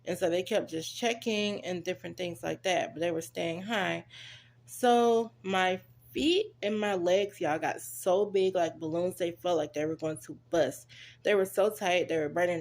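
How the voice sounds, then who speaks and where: A young woman with a lowish voice, speaking unhurriedly. She casually tells her own story to viewers, chatty and direct, calling them y'all and acting out what others said.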